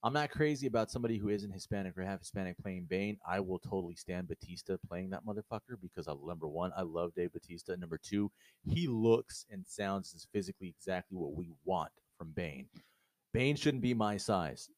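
Blunt, low-voiced man ranting casually. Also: a little fast, no room sound. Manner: blunt, profane, animated ranting. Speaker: co-host of a movie review show. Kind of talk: casual opinionated chat.

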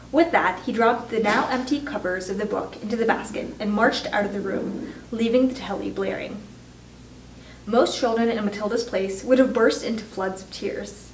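Woman reader, children's book read-aloud, measured; roomy, distant mic, faint hiss. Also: mid-range voice. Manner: measured, slows for emphasis. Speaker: volunteer reader.

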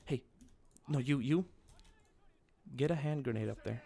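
A young man giving live commentary on a strategy war game, yelling and swearing at his troops one moment and muttering quietly the next. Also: medium pitch, unhurried, creaky, noisy background. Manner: excitable, swears and yells at his units, drops to quiet mutters. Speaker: gameplay commentator.

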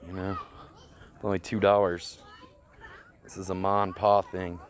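A man's voice: low-pitched, little pitch movement, moderate pace. A man live-streaming from an outdoor petting zoo, talking nonstop with crude, joking banter into a handheld mic. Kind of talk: casual live-stream commentary.

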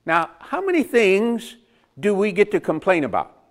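A man's voice: high-pitched, very animated, normal speed. A man preaching a conversational sermon, asking the congregation rhetorical questions and chuckling between points. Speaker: pastor.

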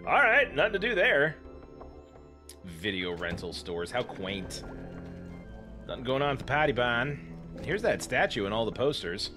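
A man's voice: mid-range voice, sing-song, normal speed, sharp tone, soft background music. A man hosting a let's play, commenting with sarcastic jokes as he plays. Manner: joking, sarcastic. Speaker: gaming channel host.

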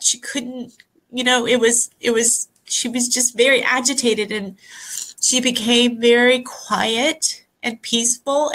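A woman on a video call telling a personal story, emotional and near tears, speaking softly with halting pauses. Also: fairly high pitch, poor audio. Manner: soft, halting, pausing often. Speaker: guest.

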